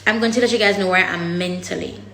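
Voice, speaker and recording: A woman talks straight to her audience in a raw, unfiltered vlog. She is blunt and emotional and swears freely, stumbling and restarting as she works through her thoughts. Her voice sits at a middle pitch, and the sound carries a noticeable room echo. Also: fairly even intonation, fast talker, pushed and bright, a little hiss or hum. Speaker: vlogger. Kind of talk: candid personal talk to camera. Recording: echoey room.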